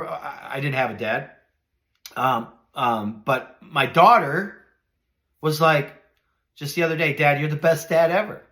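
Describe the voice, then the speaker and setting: A middle-aged man hosting a motivational podcast, speaking earnestly and preacherly, dropping to soft reflective lows and rising to emphatic highs. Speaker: podcast host.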